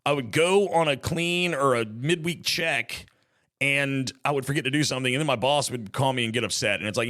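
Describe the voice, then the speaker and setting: A man's voice: medium pitch, a little fast, a bit bright. A man hosting a casual solo podcast, chatty and rambling with joking asides. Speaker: podcast host.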